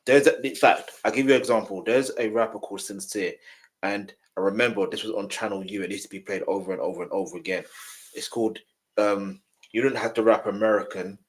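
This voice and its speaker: Male streamer, lowish voice, chatty, bursts into loud protest. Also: a little fast. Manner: animated, with sudden loud outbursts. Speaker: live-stream reaction host. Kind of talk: casual live-stream reaction talk.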